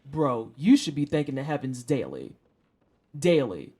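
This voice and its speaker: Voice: medium pitch, wildly swooping pitch, unhurried, dark tone, breathy edge. A streamer in their thirties from St. Louis, chatting with viewers during a game, joking and swearing in casual slang. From St. Louis, USA. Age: 30s. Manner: joking, profane, slangy trash talk. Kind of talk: casual live-stream banter with chat.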